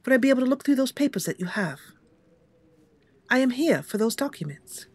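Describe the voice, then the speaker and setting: A woman's voice: sing-song, brisk, slightly rough, full character voice. A woman voicing a courteous, formal noblewoman adventurer who speaks in an old-fashioned way and shrieks when in danger. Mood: courteous, wheedling. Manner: old-fashioned formal speech, shrill screaming when attacked.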